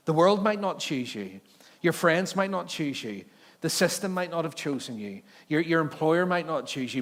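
A man's voice: a little high, sing-song, normal speed. A male pastor preaching at an evening church service, mixing scripture reading with jokey, conversational asides. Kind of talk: sermon with Bible reading. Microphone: handheld or stage mic with feedback. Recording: long hall reverb.

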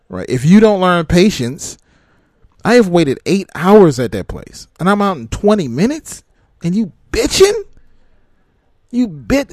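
Man, truck driver, profane laughing rant, lively swinging pitch, dry close sound. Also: no echo. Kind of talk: casual rant to camera.

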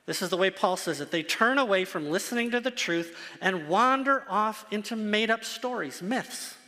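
Man, pastor, high bright voice, earnest sermon, long hall reverb. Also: expressive, moderate pace. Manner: earnest, emphatic, repeats phrases for stress.

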